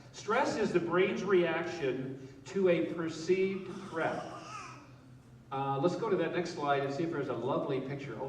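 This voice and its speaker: Male pastor, conversational sermon, questions to the congregation, slightly high voice, faint room noise. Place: church hall with a live congregation. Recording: echoey hall, voice from a distance.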